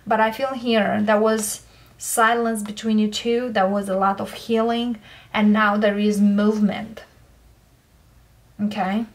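Woman, tarot reader, slow and steady, keeps asking "okay?". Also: mid-range voice. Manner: unhurried, checks in with "okay?" and repeats "I feel here". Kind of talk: tarot card reading.

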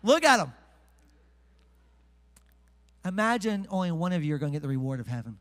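A man preaching a sermon to a live congregation, energetic and joking, slowing way down to read scripture. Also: sits high, big-room sound. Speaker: pastor. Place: church sanctuary with congregation.

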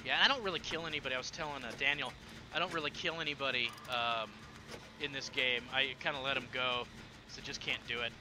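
A man streaming a horror game, chatting casually and rambling with many fillers and sudden excited bursts. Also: mid-range voice, brisk, noisy background. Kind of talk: casual gameplay chat.

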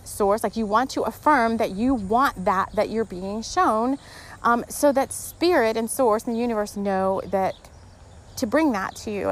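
A woman hosts a spiritual podcast in a loose, heartfelt ramble. She talks earnestly, often stopping to restart her thought. A faint hum of background noise sits behind her. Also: medium pitch. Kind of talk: casual spiritual guidance talk.

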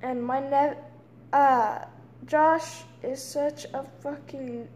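A young woman in her late teens venting in an angry, profane rant, swinging between loud outbursts and hushed whispers. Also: high-pitched, fairly even intonation, very slow. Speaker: vlogger. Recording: roomy echo with faint background noise.

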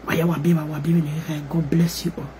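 A woman's voice: deep voice, little pitch movement, fast talker, warm tone, slight background noise, low-quality recording. A woman with a Nigerian accent talking on a live video, pleading and apologizing, switching between English and pidgin. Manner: pleading, mixes English and pidgin with singing chant. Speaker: online gist host.

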